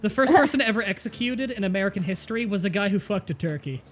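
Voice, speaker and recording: A woman streamer joking loudly and crudely while commenting on a game she is playing. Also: medium pitch, lively intonation, quick pace, soft background music. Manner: loud, crude, laughing banter. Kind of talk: casual gameplay commentary.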